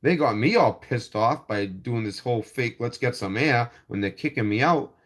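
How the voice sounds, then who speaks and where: A man's voice: mid-range voice, expressive, moderate pace. A man hosting his own channel, telling a story in a heated, profane rant full of quoted dialogue. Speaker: channel host. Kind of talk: angry monologue rant.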